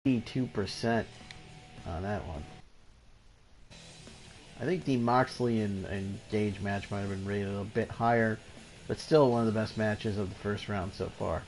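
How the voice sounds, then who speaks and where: Excitable man calling wrestling video game. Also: fairly low pitch, measured pace, pauses often, faint music behind. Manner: excitable, chuckling, wrestling-announcer flair. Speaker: host commentating a simulated wrestling game. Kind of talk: play-by-play game commentary.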